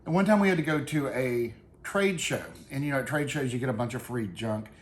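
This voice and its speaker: A man's voice: mid-range voice, brisk. A man hosting his channel, casually chatting through a product unboxing in an easygoing, rambling way with loose fillers. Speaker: product reviewer and channel host. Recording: roomy echo, faint background noise.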